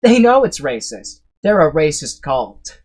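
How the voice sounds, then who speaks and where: A man's voice: fairly high pitch, big pitch swings, measured pace, a little mellow, breathy edge. A man streaming live, rambling through reaction commentary, swearing freely and laughing often as he talks.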